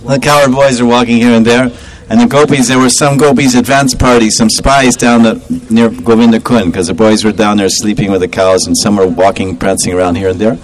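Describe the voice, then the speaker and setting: A man telling a devotional story in an animated way, chuckling and acting out the characters. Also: fairly low pitch, fairly quick, hardly any pauses, rough recording. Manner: animated, chuckling, acts out voices.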